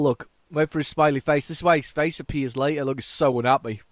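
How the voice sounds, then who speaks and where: Guy rambling about old tapes, gets excited easy, makes fun of himself. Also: on the high side, a little fast, dry recording. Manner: excitable, rambling, self-mocking chatter. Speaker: host. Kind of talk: casual commentary on retro computer tapes.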